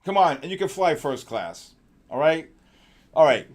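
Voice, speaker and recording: Excitable high-voiced male trading host. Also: unhurried. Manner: excitable, exclaiming, calling out viewers by name. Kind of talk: live market commentary on a stream.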